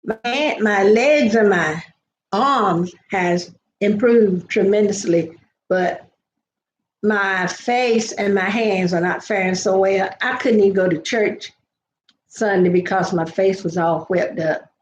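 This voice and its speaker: A woman's voice: medium pitch, slow pace, roomy sound, highs cut off, a little hiss or hum. An older woman, hosting a casual live chat, greeting viewers by name and drifting into family stories. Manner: chatty, greets viewers by name, storytelling asides. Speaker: livestream host.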